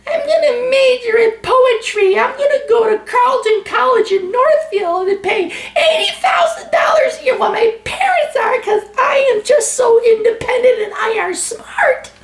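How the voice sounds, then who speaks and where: A man mockingly voicing an entitled young woman student, in a whiny exaggerated falsetto. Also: animated, moderate pace, gravelly, hardly any pauses, fairly bright tone, reverberant, exaggerated voice.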